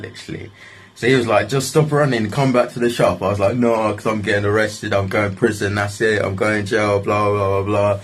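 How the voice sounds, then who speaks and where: A young man, telling a story in a casual, rambling way, full of swearing and "like". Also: on the low side. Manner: rambling, swears often, restarts lines with "like". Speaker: vlogger.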